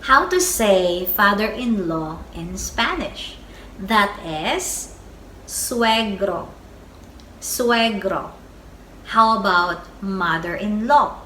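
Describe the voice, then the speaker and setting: A woman teaching a beginner Spanish vocabulary lesson, saying each word twice in a slow, deliberate way. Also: medium pitch, bright, forceful tone. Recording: echoey room with faint background noise.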